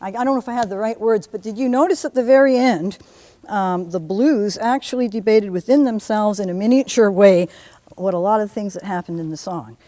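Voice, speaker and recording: A woman teaching a music theory lecture to a class in a lively way, often humming or singing examples. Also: mid-range voice, fairly quick, long reverb tail. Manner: lively, hums and sings examples. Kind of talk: university lecture.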